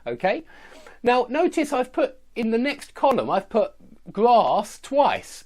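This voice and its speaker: Male pronunciation teacher, Southern English accent; slow, exaggerated word drills with a very lively melody. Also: very high-pitched. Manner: frequent checking tags like "yeah?" and "okay?". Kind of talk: online pronunciation lesson.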